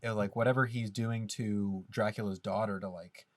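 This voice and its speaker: A man's voice: fairly low pitch, fairly even intonation, moderate pace, dry recording. A man co-hosting a podcast, musing about an old film in a rambling, casual way full of "like". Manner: rambling, filler-heavy musing. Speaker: podcast co-host.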